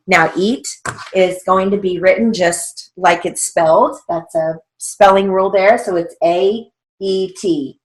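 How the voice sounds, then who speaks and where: A woman teaching court-reporting theory in an unhurried, measured way. Her voice sits a little low, and she reads each drill phrase with its comma or period spoken aloud. She breaks in to spell words out letter by letter. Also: steady tone. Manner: deliberate, spells out letters, says punctuation aloud. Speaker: stenography theory instructor. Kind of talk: slow dictation of drills with explanations.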